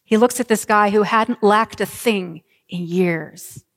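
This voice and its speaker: Woman pastor preaching in an echoing church. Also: mid-range voice. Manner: vivid storytelling with dramatic pauses. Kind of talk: sermon. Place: church sanctuary. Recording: reverberant church hall.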